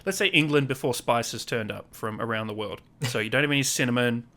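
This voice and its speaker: Guy in his 30s hosting a chatty podcast, bright sharp voice, does little voices when he quotes people. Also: mid-range voice, a little fast. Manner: animated storyteller, acts out quotes in raised voices, swears casually. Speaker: podcast host. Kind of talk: casual chat.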